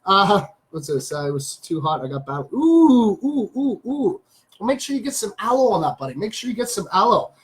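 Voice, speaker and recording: A man's voice: sits high, lively intonation, quick pace, few pauses, a bit bright, poor audio. A Canadian man hosting a live stream, chatting casually and greeting viewers by name as he rambles.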